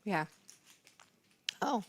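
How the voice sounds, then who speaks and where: A woman's voice: drawn-out words, slight background noise. A woman giving casual live poker commentary, chatty and playful in her banter.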